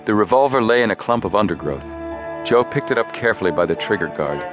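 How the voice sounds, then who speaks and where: A man narrates an audiobook in a deep, low voice with measured, steady storytelling. Faint music sits quietly underneath. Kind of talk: scripted narration.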